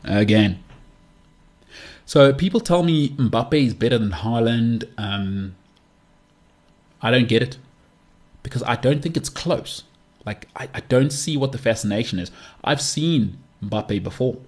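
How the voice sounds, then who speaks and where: A South African man holds forth on his own podcast in a medium-pitched, expressive, darkish voice at a measured pace. The solo rant is packed with emphatic opinions, and he repeats his punchlines.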